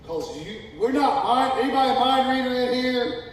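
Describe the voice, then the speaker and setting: A man preaching a sermon as pastor, folksy and emphatic, building from calm talk to loud, drawn-out shouting. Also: extremely high pitch. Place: church sanctuary. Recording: echoey hall, distant mic, noisy.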